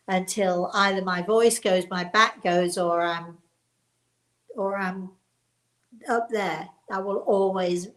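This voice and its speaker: An older woman hosting a live show as a psychic medium, talking in a chatty, encouraging and self-deprecating way with a hoarse voice that is still recovering. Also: fairly low pitch, rough recording. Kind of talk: live online call-in talk.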